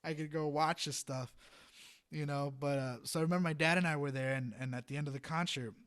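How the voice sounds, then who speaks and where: A young man with a somewhat high voice recounts his past as a podcast guest. His delivery is casual and animated, full of fillers and quick laughs. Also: clean tone. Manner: animated, rambling, laughs often, many "you know" fillers. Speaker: guest, freelance trumpet player. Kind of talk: casual storytelling in a podcast interview.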